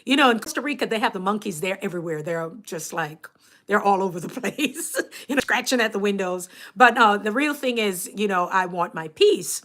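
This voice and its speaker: A woman with a Jamaican accent, hosting a casual livestream and chatting to her viewers, animated and laughing often. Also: mid-range voice, fairly quick. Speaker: YouTube coach and livestream host.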